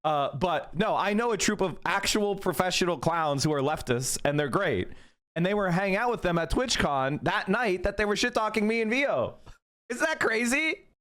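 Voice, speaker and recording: A man's voice: high voice, expressive, moderate pace, fairly bright tone. A middle-aged man hosting a livestream and ranting indignantly at his chat. He repeats himself and swears often. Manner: indignant, repetitive, profane. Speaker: livestream host. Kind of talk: heated livestream rant to chat.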